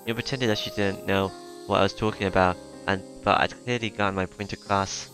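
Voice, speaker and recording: Low, flat-voiced man reading a story. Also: music in the background. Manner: halting, with fillers and restarts. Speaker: narrator reading a visual novel. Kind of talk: first-person story reading.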